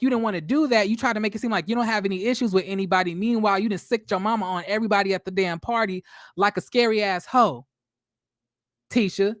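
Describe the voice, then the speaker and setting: A man's voice: extremely high pitch, fairly bright tone, no room sound, studio quality. A man giving casual, sassy, blunt commentary on a reality show, full of profanity and fillers. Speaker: reality TV recap vlogger.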